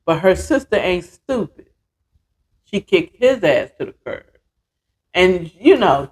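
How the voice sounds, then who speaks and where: A woman's voice: medium pitch, lively intonation, a little slow, long pauses. Woman, podcast host, casual storytelling, chatty, digressive, lots of asides.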